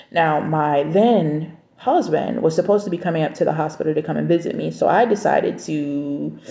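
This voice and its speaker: Candid woman with a gravelly low voice. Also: dark tone. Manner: candid, conversational, recounting dialogue. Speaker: vlogger. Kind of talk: personal storytelling vlog. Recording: echoey room, dull lo-fi sound.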